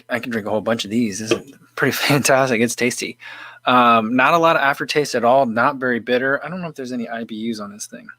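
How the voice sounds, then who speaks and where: Casual male stream host, mid-pitched, rambly and filler-heavy, dry close sound. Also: fairly bright tone, no echo. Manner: easygoing, rambling with many fillers and restarts. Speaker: livestream host. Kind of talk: casual livestream chat, tasting beer and reading comments.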